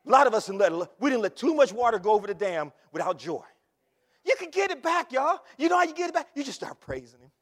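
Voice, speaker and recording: A man with a high, bright voice preaches, swinging between quiet storytelling and shouts of praise. His voice swoops widely in pitch and rings out through a church hall with a long echo. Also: very animated, fast. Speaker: pastor. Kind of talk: sermon. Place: church sanctuary.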